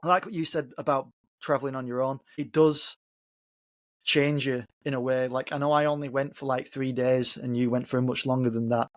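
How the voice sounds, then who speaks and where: A man's voice: medium pitch, steady tone, normal speed, no echo. Reflective podcast man, dry sound. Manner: reflective, asks follow-up questions. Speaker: podcast co-host. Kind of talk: casual chat.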